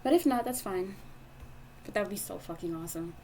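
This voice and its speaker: A woman's voice: medium pitch, animated, a little fast, darkish tone, a little hiss or hum. A woman doing a casual tarot reading monologue, giggly and gushing, emotional and swearing freely. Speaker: tarot card reader. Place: indoors at a table.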